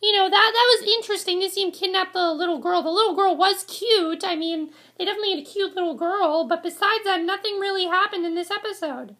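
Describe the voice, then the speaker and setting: This is a woman with a strikingly high voice, talking straight to her viewers in a casual review rant. Her tone is bright and forceful. She sounds exasperated and rambles, repeating the same complaints again and again. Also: fast talker, hardly any pauses. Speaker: vlogger reviewing a TV episode. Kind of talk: casual ranting review to camera.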